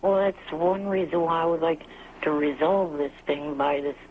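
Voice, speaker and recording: A man calling in to a talk show who haltingly complains about his grievance. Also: on the high side, steady tone, slight background noise. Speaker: caller, show regular. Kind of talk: phone call on a talk show. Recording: muffled phone line.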